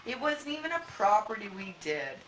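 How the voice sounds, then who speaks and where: A woman's voice: mid-range voice, very animated, moderate pace, fairly bright tone, slight background noise. A woman telling a work story at a house party, swearing and laughing as she goes. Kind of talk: casual storytelling. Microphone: home video camera. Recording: roomy home video with party chatter.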